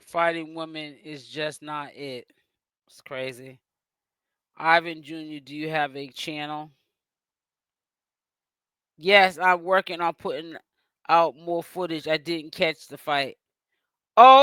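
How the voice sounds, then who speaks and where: Boston-raised male streamer, bright forceful tone, talks straight to the chat. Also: fairly high pitch, steady tone, a little slow, long pauses, clear, resonant tone, no echo. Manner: chatty, addresses chat and guests directly. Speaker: livestream host. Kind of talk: casual livestream chat.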